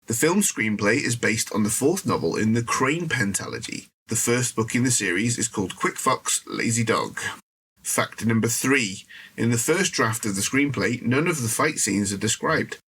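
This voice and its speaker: A man's voice: medium pitch, a bit bright, slight background noise. A man hosting a casual film podcast, reading out trivia like a quizmaster and then chatting loosely, with the odd swear. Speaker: podcast host.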